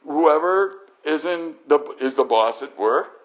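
A man's voice: fairly high pitch, slow. Guy preaching with a lot of swing in his voice, kinda dull muffled recording. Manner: animated preaching, acts out quoted voices. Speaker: pastor. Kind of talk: sermon.

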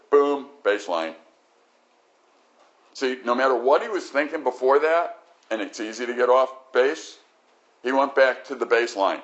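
An older man preaching a sermon, animated, swinging from loud exclamations to quiet, reflective stretches. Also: medium pitch, normal speed, long pauses. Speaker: pastor. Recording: dull lo-fi recording.

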